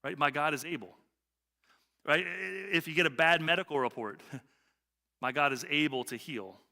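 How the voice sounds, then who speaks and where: A man's voice: fairly high pitch, moderate pace, vocal fry, bright, forceful tone. A middle-aged male pastor preaching a conversational sermon, often repeating himself and asking "right?". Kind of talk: sermon with personal story. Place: church sanctuary. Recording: long church reverb.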